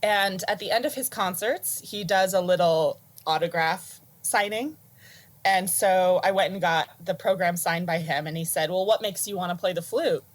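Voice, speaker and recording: An American woman telling stories in a casual, animated way and laughing often, heard over a video call. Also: fairly low pitch, normal speed. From United States. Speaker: interview guest, flutist. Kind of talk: casual conversational storytelling.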